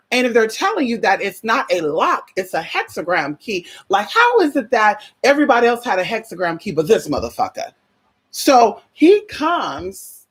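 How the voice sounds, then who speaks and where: A woman's voice: fairly high pitch, breathy edge. A woman telling a story in a casual vlog, sassy and profane, full of asides to her listeners. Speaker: vlogger.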